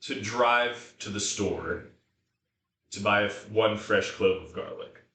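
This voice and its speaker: A man rambles and swears as he cooks in his kitchen on a live stream, drinking beer and chatting to his dog. His voice is low-pitched but bright and forceful. It sits back from the mic in an echoey room with a faint hum behind it. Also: slow pace. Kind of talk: casual live-stream chat while cooking. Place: home kitchen. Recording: roomy kitchen, mic from afar.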